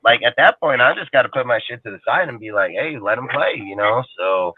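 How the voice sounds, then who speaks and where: A man's voice: medium pitch, animated, fairly quick, background noise. A man talking football on a casual sports talk show, rambling, profane and heated. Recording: tinny phone-like line, dry.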